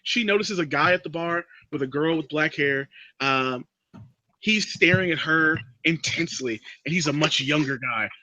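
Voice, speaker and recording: A man hosting a casual chat, recapping a film plot as an animated storyteller. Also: normal speed, no room sound, poor audio. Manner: animated storyteller, drops into a creepy low voice for quotes. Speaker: podcast host recapping a movie.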